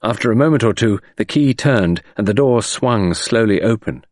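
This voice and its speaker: A man reading an audiobook narration in a measured, expressive way. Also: lowish voice, no room sound, clean studio sound.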